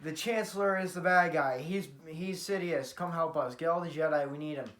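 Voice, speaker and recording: A man's voice: a little high, racing, darkish tone, natural voice. A man doing an alarmed space knight. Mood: urgent. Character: urgent male space knight, running and alarmed. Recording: roomy echo.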